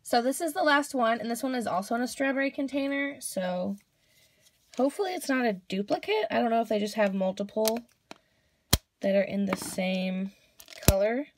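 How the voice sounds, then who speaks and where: A woman's voice: fairly high pitch, moderate pace, a little hiss or hum. Gushing young woman unboxing toys. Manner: gushing, squeals and gasps over cute toys. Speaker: toy unboxing vlogger. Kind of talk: casual unboxing commentary.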